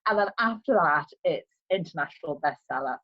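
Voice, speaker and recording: A woman with a soft Liverpool accent, a guest author chatting casually on a podcast in an upbeat way and laughing often. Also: low-pitched, expressive, a little fast, highs cut off. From England.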